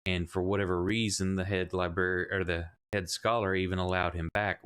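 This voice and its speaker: A man's voice: deep voice, little pitch movement, a little fast, fairly bright tone, smooth. A man voicing an aloof, dismissive male librarian who talks down to visitors in a tabletop role-play. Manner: curt and condescending.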